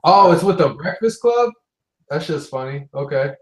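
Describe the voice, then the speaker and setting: A man's voice: a little high, expressive, normal speed, a little mellow. A man co-hosting a podcast in casual chat, laid-back and full of slang and swearing. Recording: roomy, echoey recording.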